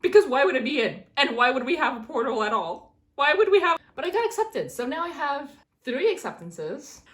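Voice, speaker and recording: A woman's voice: high-pitched, very animated, normal speed, fairly bright tone. Ranting, sarcastic young woman vlogger. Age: 20s. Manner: ranting, sarcastic complaints with sudden squeals. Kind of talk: casual vlog chat. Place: at home at her desk.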